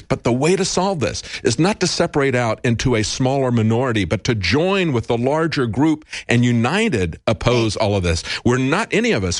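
A man's voice: mid-range voice, dry recording, studio quality. A man co-hosting a political talk show, speaking in an emphatic, earnest, lecturing way. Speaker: co-host commentator.

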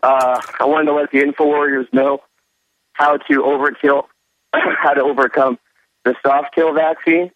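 A man's voice: on the high side, flat delivery, a little slow, no echo, lo-fi sound. A man calling in to a radio show, earnestly running through his points. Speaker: caller. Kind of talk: phone-in call.

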